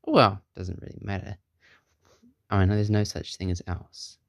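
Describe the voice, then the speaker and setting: A man's voice: lowish voice, fairly even intonation, a little slow, gravelly, dry recording, studio quality. A man casually improvising a silly story for his podcast, rambling with many fillers and chuckling at his own jokes.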